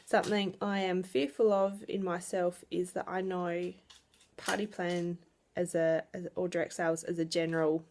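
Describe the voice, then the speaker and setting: A woman's voice: lowish voice, little pitch movement, normal speed, a little mellow, a little hiss or hum. A young woman chatting casually to camera about her direct sales business, often laughing. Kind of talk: casual vlog chat. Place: at home.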